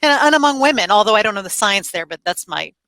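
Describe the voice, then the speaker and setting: A woman's voice: mid-range voice, lively intonation, fast, bright, forceful tone, no room sound, rough recording. A middle-aged woman, a guest and podcast co-host, talking in an earnest, reflective way. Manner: earnest, reflective, speaks from experience. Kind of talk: casual conversation.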